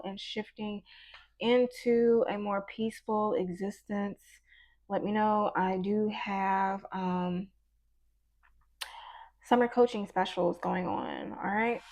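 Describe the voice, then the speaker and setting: Woman tarot reader and life coach, mid-pitched, loose and chatty with encouraging asides. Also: a little mellow. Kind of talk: casual tarot reading monologue.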